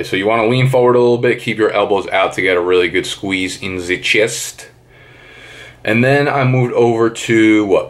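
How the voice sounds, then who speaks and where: Chatty young man, low voice, loose vlog talk. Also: fairly bright tone. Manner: loose and chatty, swears casually. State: out of breath after a workout. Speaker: vlogger. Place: gym and home, indoors.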